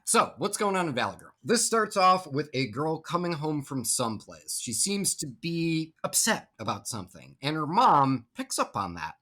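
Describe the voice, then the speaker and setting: A man's voice: on the high side, very animated, normal speed, hardly any pauses, sharp tone. A man co-hosting a podcast from his apartment, bantering playfully in casual chat. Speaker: podcast co-host. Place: home apartment.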